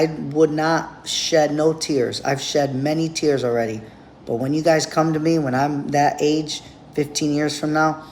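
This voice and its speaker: A man's voice: mid-range voice, darkish tone, a little hiss or hum. A man giving a blunt, profane, rambling monologue straight to camera as a vlogger.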